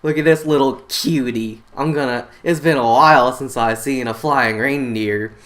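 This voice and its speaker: A man's voice: mid-range voice, moderate pace, fairly bright tone, close to an everyday voice. A man voicing a giant Santa Claus who coos sweetly in baby talk while meaning harm. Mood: cooing.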